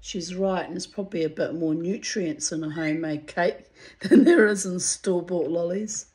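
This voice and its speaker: A woman, reading her old diary entries aloud to her viewers and breaking off into candid, chatty asides, clearing her throat now and then. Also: fairly low pitch, moderate pace, darkish tone. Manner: candid, muses aloud, swears freely, frequent throat-clearing.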